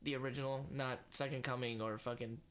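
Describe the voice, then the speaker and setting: A man's voice: medium pitch, a little fast, slight background noise. A young man co-hosting a casual podcast, telling stories with lots of "like" and free swearing. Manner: animated storyteller, heavy filler "like", swears freely. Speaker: podcast co-host. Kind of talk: casual chat.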